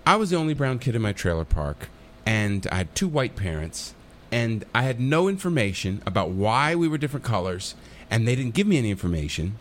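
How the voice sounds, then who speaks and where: Animated middle-aged man telling stories. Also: medium pitch, fairly quick, few pauses, a little hiss or hum. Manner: animated, acts out voices in his stories. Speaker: guest, comic actor. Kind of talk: casual storytelling in a podcast interview.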